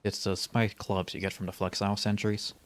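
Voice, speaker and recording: A man's voice: on the low side, level tone, brisk. A male streamer giving casual, rambling commentary while playing a game, with dry, wry humor. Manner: rambling asides.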